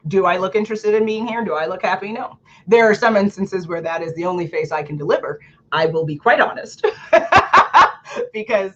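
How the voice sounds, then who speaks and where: Chatty, lively woman hosting a book club. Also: fairly low pitch, highs cut off. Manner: lively, chatty, laughs often, many "like" fillers. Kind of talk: casual livestream talk on public speaking. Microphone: home computer or camera setup.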